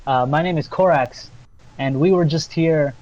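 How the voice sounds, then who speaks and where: A gruff, hot-headed lumberjack boss, voiced by a man game master, blustering with raised pitch and loud threats. The sound is dull and lo-fi, as over voice chat. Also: normal speed, lightly acted. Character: gruff burly male lumberjack leader, hot-tempered.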